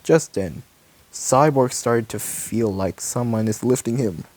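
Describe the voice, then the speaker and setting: Man slowly reading his own story. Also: medium pitch, darkish tone. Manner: halting, casual reading with slips.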